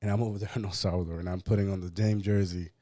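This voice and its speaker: A man co-hosting a podcast, telling a personal story in a casual, profane, animated way and acting out what others said. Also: low voice, racing, dry recording. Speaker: podcast co-host.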